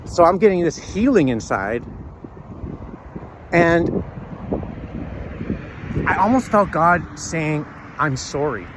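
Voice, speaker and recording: A man talking earnestly and haltingly to camera while walking outdoors, often pausing to search for words. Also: on the high side, sing-song, noisy background. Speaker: vlogger. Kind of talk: reflective personal talk.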